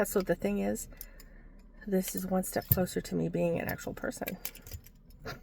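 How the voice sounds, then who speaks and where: A woman talks straight into her phone from the seat of a parked car, rambling and candid, full of fillers and the occasional curse. Her voice sits at an ordinary middle pitch, and a faint hiss of noise runs underneath. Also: level tone, normal speed, vocal fry, pauses often, darkish tone. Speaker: vlogger. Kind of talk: candid personal vlog.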